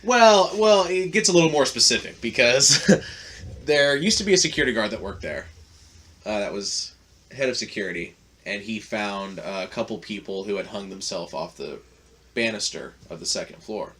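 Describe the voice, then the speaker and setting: A man's voice: fairly low pitch, animated, moderate pace, a bit bright. A man hosting a podcast, telling a long story in a casual, profane, rambling way with lots of fillers. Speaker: podcast host.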